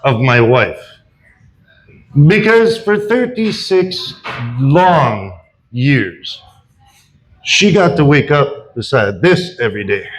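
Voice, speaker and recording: An older man does stand-up on a bar comedy stage, spinning a long self-deprecating story full of repeats and restarts. His medium-pitched voice is sing-song and slow with long pauses, in a low-quality recording.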